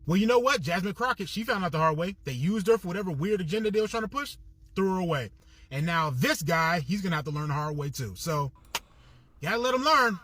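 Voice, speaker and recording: A man's voice: high-pitched, expressive, quick pace, a bit bright. A man giving a casual political opinion monologue, exasperated and sarcastic. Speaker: political commentator.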